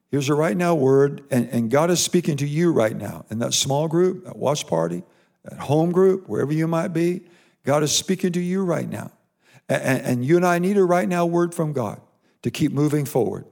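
Preaching man with a gravelly voice. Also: fairly high pitch, a little mellow. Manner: emphatic preaching with repeated phrases. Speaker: pastor. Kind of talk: sermon. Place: church or broadcast sermon to online viewers.

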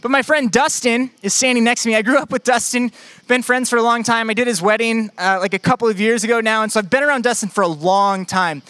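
High-voiced, bright young pastor. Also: male voice, fast, smooth, no echo. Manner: animated, jokey, conversational. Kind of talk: storytelling sermon.

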